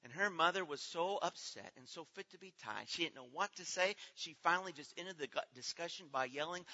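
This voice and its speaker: A middle-aged man delivers a sermon from a church sanctuary, his voice pitched a touch high and strikingly bright. He shifts between quiet, slow passages and loud, pleading appeals. The recording is muffled and carries a long, ringing reverb from the hall. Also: lively intonation. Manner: earnest, swings from hushed to loud and pleading. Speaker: pastor.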